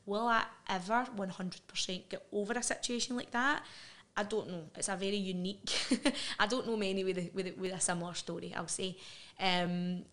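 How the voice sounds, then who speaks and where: A middle-aged Scottish woman appears as a podcast guest, speaking frankly and earnestly about her past in a candid interview, with quick asides and laughs. Her voice is mid-range, a bit bright, with fairly even intonation.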